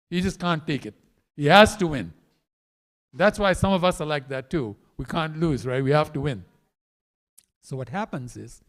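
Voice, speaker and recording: A man giving a storytelling sermon class in a temple, animated and acting out the characters as he goes. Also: on the high side. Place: temple hall.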